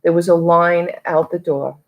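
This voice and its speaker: A middle-aged reseller vlogger from Long Island, New York, chats casually in a haul video, rambling with lots of fillers. Her voice is lowish, with fairly even intonation at normal speed, and the audio sounds dull.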